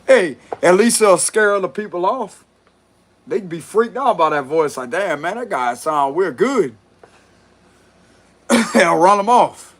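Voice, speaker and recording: A man talking through a tarot reading in a loose, blunt way, with plenty of swearing and chuckling. His voice sits on the higher side for a man. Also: animated, slow, pauses often, a little hiss or hum. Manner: blunt, profane, laughs often. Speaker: tarot reader. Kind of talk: casual spoken tarot reading.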